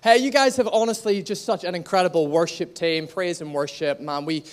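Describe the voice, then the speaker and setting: Lively Northern Irish pastor preaching. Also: male voice, high-pitched, a little fast. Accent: Northern Irish, slightly anglicized. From Northern Ireland. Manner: lively, joking with the congregation. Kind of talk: sermon. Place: church hall.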